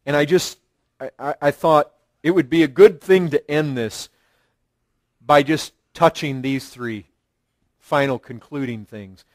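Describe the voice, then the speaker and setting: A pastor giving an earnest sermon, building emphasis through repeated phrases. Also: male voice, fairly high pitch, measured pace, pauses often, dry recording.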